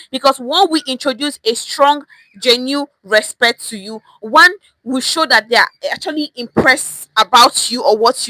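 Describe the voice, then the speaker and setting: A young Nigerian woman with a Nigerian accent leads a Pidgin English lesson on a livestream. Her voice is bright and a little high, recorded dry and close. She talks in an animated way, repeating phrases to show how tone changes their meaning. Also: no echo, low-quality recording.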